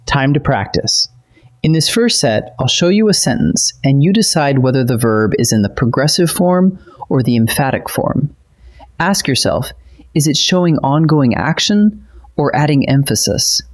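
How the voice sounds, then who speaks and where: A man narrating a scripted grammar lesson in a measured, patient, explanatory way. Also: medium pitch, sing-song. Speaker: grammar teacher.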